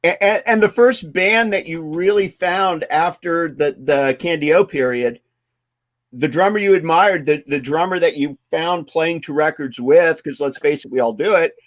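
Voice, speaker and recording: A man hosting a casual interview, enthusiastic and quick to agree. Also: a little high. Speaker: podcast host.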